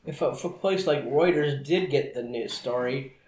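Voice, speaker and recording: A man's voice: mid-range voice, normal speed, a little mellow. A man playing a tabletop game, talking in a wry, profane way. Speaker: player. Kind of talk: casual tabletop play. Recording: echoey room with faint noise.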